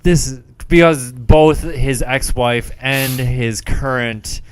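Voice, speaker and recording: A man co-hosting a movie podcast in a relaxed, casual way, often chiming in with short agreements. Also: mid-range voice, takes it slowly, a little hiss or hum. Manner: laid-back, chimes in with short agreements. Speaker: podcast co-host.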